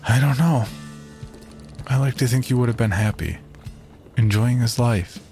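A man voicing a grieving woman scientist, his ex-wife, in a soft, wistful way. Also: medium pitch, moderate pace, faint music behind, voice pushed up, natural voice.

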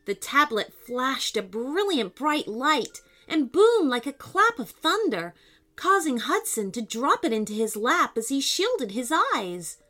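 Woman narrator for kids' stories, slow and animated, higher register. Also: soft background music. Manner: animated, expressive reading with sound effects. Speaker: storyteller. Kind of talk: children's story narration.

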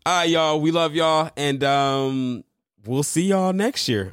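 A man's voice: a little high, slow pace, soft background music. A man co-hosting a casual podcast with his wife, playful and teasing. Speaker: podcast co-host. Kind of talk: casual chat.

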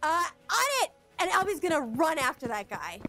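Very high-voiced woman, hesitant player. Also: sing-song, moderate pace, sharp tone, faint music behind. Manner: hesitant and apologetic, trailing off. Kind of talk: playing a tabletop game in character.

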